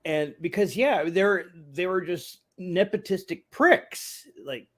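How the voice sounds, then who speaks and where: A man's voice: lively intonation, takes it slowly, a bit bright. A man co-hosting a movie review show, rambling casually with swearing and frequent laughter. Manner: rambling, laughs often, swings pitch widely. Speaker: movie review podcast co-host.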